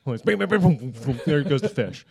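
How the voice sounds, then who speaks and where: A man's voice: medium pitch, very animated, fairly quick, gravelly, a little mellow. A man co-hosting a fishing podcast, laughing often and recounting fishing moments step by step. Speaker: podcast co-host. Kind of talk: casual fishing chat.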